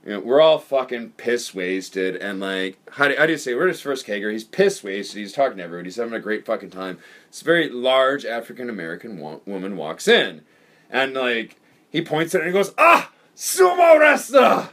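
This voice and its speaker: A man's voice: on the low side, animated, a little fast, fairly bright tone. A man hosting a podcast, telling a story in a rambling, profane way full of stuttering restarts. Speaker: podcast host. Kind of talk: casual storytelling chat.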